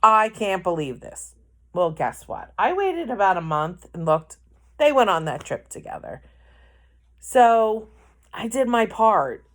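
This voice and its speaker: A woman telling a rambling personal anecdote in a casual vlog, correcting herself as she goes. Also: medium pitch. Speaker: vlogger. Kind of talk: casual storytelling.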